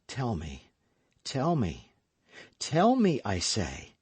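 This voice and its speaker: A man's voice: medium pitch, sing-song, unhurried, no echo. Man voicing a scheming noblewoman, Milady. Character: scheming seductive noblewoman, cold and commanding.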